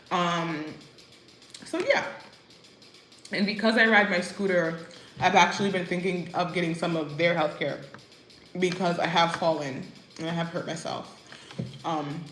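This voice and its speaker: A woman's voice: medium pitch, fairly bright tone, reverberant, a little hiss or hum, low-quality recording. A woman vlogging in a casual, chatty way, full of "like" and "you know what I mean," talking about life as an expat. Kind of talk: casual chat. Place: living abroad as an expat.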